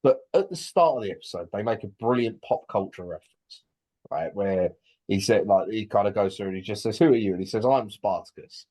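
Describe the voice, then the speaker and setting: A young man co-hosting a podcast in casual chat, halting and repeating words, often laughing. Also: on the low side, mellow. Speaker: podcast co-host.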